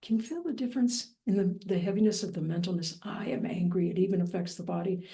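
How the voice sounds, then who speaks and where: A woman teaching Buddhist practice in a dharma talk, gentle and reflective with a light playful touch. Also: mid-range voice, lively intonation, fast.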